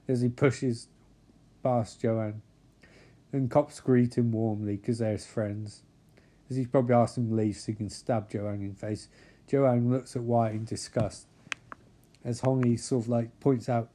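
Brief: male recap comedian, deadpan and snarky, warm mellow tone, middle pitch. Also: moderate pace. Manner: deadpan, mocking, profane asides. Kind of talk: sarcastic episode recap.

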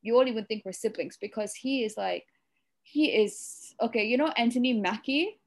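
A woman's voice: fairly high pitch, normal speed. A young woman from Malaysia with a Eurasian-tinged accent, talking earnestly on a casual podcast, with lots of "you know"s. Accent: Malaysian English, Eurasian. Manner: earnest, talks in long runs with many "you know"s. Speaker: podcast host.

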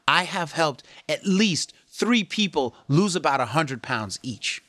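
Speaking at a moderate pace with hardly any pauses, a man with a fairly high voice delivers a casual motivational talk to camera, recorded dry. As a fitness and health vlogger, he coaches and encourages viewers about their health, earnest and slangy, and gets animated quoting others.

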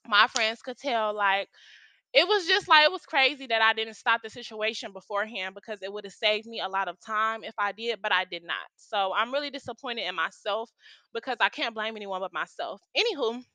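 A woman's voice: fairly high pitch, fairly quick, bright, forceful tone, no echo. A young woman telling a story in a casual vlog, with lots of slang and profanity. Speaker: storytime vlogger.

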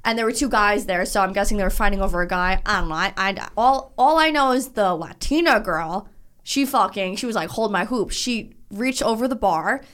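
Woman podcast cohost, middle pitch, rambly animated storytelling, lots of restarts. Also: a little fast, clear, resonant tone. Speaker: podcast co-host. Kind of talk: casual chat.

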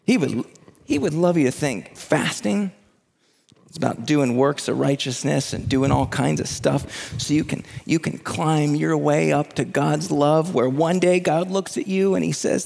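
Pastor, male, gravelly fervent preacher, higher register, long hall reverb. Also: moderate pace. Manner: impassioned preaching, rising to near-shouts at the climax. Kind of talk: sermon.

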